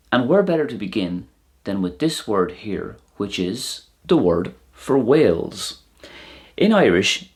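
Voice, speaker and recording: A man with a fairly low voice gives a recorded language lesson at a very unhurried pace. He says each word twice, clearly and deliberately, so listeners can hear how it is pronounced. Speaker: language teacher.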